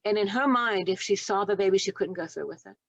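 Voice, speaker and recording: Speaking fast in a mid-range voice, this sixties-aged nurse and doula is an animated podcast storyteller who plays out each line of dialogue and laughs a lot. The audio sounds dull, with no room sound.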